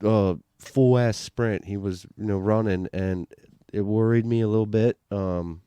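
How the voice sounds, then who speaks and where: A man recounts a hunting story on a podcast, his speech excited and rambling, full of restarts and casual swearing. His voice sits low and comes through smooth and resonant. The close mic sounds dry, with no room around it. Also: measured pace, no room sound. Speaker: podcast guest, bowhunter.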